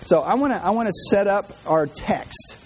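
A man's voice: sits high, expressive, normal speed, a little hiss or hum. A man preaching a humorous sermon in a church, chatty, repeating words and tossing in jokey asides.

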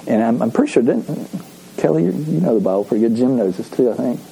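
A man's voice: medium pitch, lively intonation, fast, creaky, warm tone, slight background noise, low-quality recording. A man preaching a conversational sermon to his congregation. He repeats key phrases and asks the room to read scripture aloud with him. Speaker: pastor. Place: church service.

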